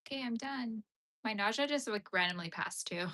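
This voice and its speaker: A woman's voice: on the high side, animated, normal speed, pushed and bright. A young Canadian woman on a crochet livestream, chatting casually with viewers in a rambling way with lots of "like". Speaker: crochet live streamer. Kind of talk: casual live chat while crocheting.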